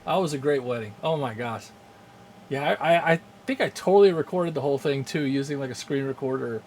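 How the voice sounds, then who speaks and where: A man's voice: mid-range voice, brisk, a little mellow, a little hiss or hum. A man casually chatting on a live stream, rambling with many fillers, chuckling often and greeting viewers in chat. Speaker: streamer hosting a game channel.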